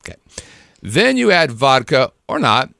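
A man's voice: medium pitch, huge pitch swings, measured pace, creaky, bright, forceful tone, no echo, studio quality. A middle-aged married man co-hosting a podcast, joking and teasing in casual banter. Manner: joking, teasing, does silly voices. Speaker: podcast co-host.

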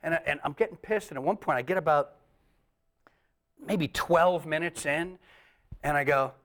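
A middle-aged man, a comedian guest, telling a stand-up story with lively acted-out voices and frequent laughs. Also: on the high side, normal speed. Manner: animated storyteller, acts out voices, laughs often.

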